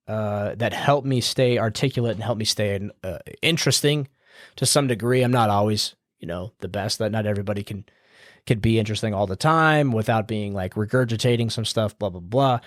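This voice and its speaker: With studio-quality sound and no room noise, a medium-pitched man hosts his podcast. He rambles loosely through casual advice, tossing in fillers and an occasional curse, all in a cheerful tone you can hear the smile in.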